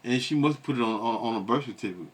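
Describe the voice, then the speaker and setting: A man's voice: mid-range voice, fast. A man giving casual, rambling reaction commentary on a video, stumbling over his words and mocking.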